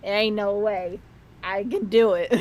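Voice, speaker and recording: A woman's voice: medium pitch, measured pace, darkish tone. A woman chatting on a stream, teasing and swearing freely and laughing a lot. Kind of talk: casual chat.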